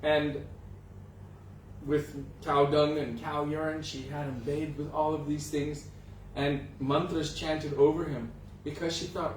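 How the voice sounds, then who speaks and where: A man tells a devotional story to a gathering, acting out each character's voice in his slightly high register. He is picked up from a distance in an echoing room, with faint ambience behind him. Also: flat delivery, a little slow, a little hiss or hum. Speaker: spiritual teacher. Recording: roomy echo, distant mic, faint ambience.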